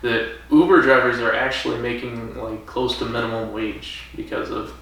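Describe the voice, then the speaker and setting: A man's voice: medium pitch, steady tone, normal speed, fairly bright tone, very echoey, distant mic, slight background noise, poor audio. A man co-hosting a casual podcast over drinks, joking and laughing often. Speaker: podcast co-host. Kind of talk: casual chat while drinking.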